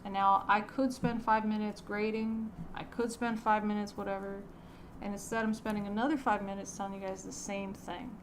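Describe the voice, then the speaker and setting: A woman's voice: medium pitch, little pitch movement, moderate pace, slight background noise. A middle-aged woman, a teacher, chatting casually and telling a rambling story, often restarting her sentences. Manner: rambling, self-correcting, laughs while telling stories. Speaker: podcast host answering a listener.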